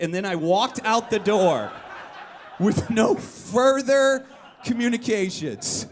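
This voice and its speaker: A man performing a comedic one-man show live on stage. He tells self-deprecating stories in an animated way and builds up to loud punchlines. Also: high voice, takes it slowly. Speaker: comedic storyteller.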